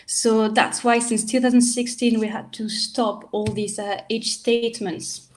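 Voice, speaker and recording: A woman from France with a French accent, presenting a whisky over a video call in a relaxed, informative way. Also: on the high side, measured pace. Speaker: whisky brand representative. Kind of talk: casual explanation.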